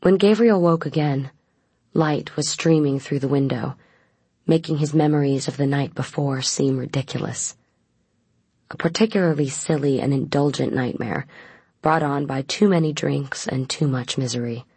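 Gravelly, husky audiobook narrator. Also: mid-range voice, moderate pace, darkish tone, no echo. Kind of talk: scripted narration.

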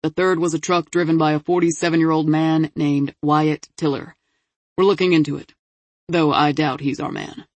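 A woman's voice: low voice, fairly even intonation, moderate pace, a little mellow, no room sound, natural voice. A woman reading a level-headed male detective. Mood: businesslike. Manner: matter-of-fact, level. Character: male detective reporting case findings.

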